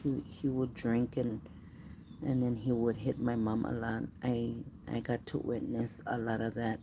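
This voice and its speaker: A woman chatting casually with viewers on a live stream, often dropping into a hushed voice. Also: extremely low pitch, flat delivery, a little slow. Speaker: livestream host. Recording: noisy phone livestream.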